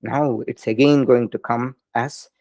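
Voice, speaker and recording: Male scripture teacher, relaxed storyteller, mid pitch, dry close mic. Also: a little slow, dry recording. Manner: casual, laughing, with fillers. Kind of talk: lecture with storytelling.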